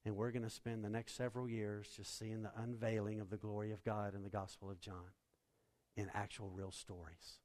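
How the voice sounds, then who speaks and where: A male pastor preaching a sermon, swinging from hushed storytelling to loud, impassioned appeals. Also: lowish voice, flat delivery, normal speed.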